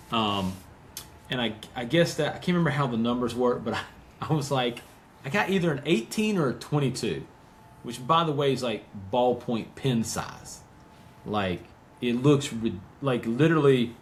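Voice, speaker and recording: Male podcast co-host, casual storyteller, mid pitch, faint hiss behind. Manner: animated, acts out quotes, laughs often.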